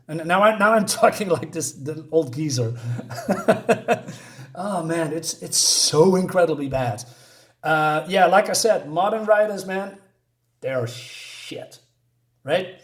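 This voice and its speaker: Male channel host, slightly high voice, exasperated profane reviewer. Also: expressive, slow pace, pauses often. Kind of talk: casual ranting review.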